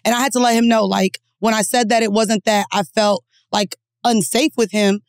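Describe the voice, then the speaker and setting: A woman co-hosting a podcast, telling stories in a blunt, profane, animated way. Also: a little high, normal speed, no room sound, clean studio sound. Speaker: podcast co-host. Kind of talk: candid casual chat.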